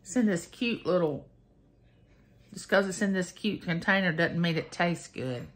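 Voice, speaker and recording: A woman's voice: fairly low pitch, lively intonation, normal speed. A woman, chatting folksily to her viewers in a casual taste-test vlog. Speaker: vlogger.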